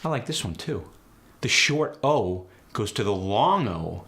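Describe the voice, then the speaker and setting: A man hosting a tutorial as an accent coach, explaining sounds in a brisk, direct way. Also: on the low side, big pitch swings, very noisy. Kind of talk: instructional tutorial.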